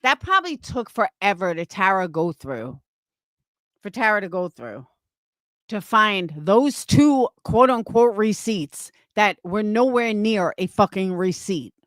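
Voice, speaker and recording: A woman's voice: medium pitch, very animated, a little slow, a bit bright, dry recording, clean studio sound. A woman in her fifties ranting on a livestream, profane and scornful, mocking her critics. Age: 50s. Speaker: livestream host.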